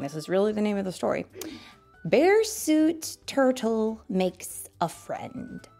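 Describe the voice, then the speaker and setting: A woman reading a children's story aloud in a playful, animated way, asking her listeners questions. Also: on the low side.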